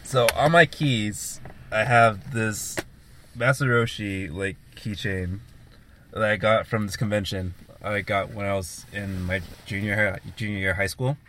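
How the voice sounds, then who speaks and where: Young man, deep-ish voice, loose rambling storyteller, casual chat with friends. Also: fairly even intonation, a little slow, a bit bright, slight background noise. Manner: rambling storytelling, heavy swearing and filler.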